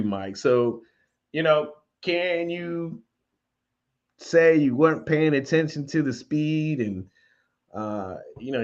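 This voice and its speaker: Man, co-host, casual chat, rambling with fillers, slightly dull lo-fi sound. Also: mid-range voice.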